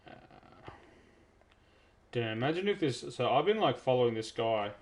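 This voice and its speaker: A man from South Australia with an Australian accent, giving chatty, excitable live commentary while streaming a game. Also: mid-range voice, moderate pace, slight background noise. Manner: chatty, excitable, self-interrupting. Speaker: gaming streamer.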